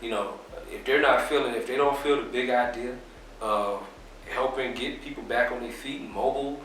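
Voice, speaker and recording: A man being interviewed, explaining his business in a relaxed, casual way with plenty of fillers. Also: mid-range voice, moderate pace, distant mic, slight background noise. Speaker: interview guest, business owner. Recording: very echoey room, off mic.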